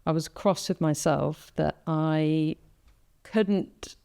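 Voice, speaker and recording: A woman's voice: deep voice, slow, gravelly, mellow, clean tone. A woman hosting a podcast, telling a personal story in casual conversation and acting out her own thoughts as she goes. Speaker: podcast host.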